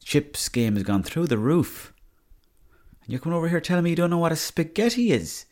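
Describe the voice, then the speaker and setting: A man's voice: a little high, very animated, a little fast, a little mellow. A young Irish man hosting a podcast, telling rambling, sweary comic stories. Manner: swears freely, storytelling. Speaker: podcast host.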